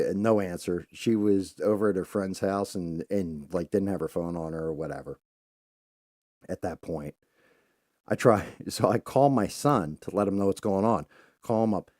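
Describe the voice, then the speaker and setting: A middle-aged man hosting a talk show, telling a story casually, swearing freely and acting out his own loud outbursts. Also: sits low, no room sound, clean studio sound. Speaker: podcast host.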